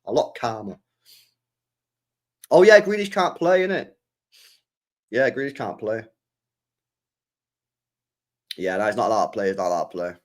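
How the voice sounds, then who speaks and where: A man's voice: on the low side, fast talker. A young man talking casually on a live stream as a football fan, passionate, swearing and repeating his points.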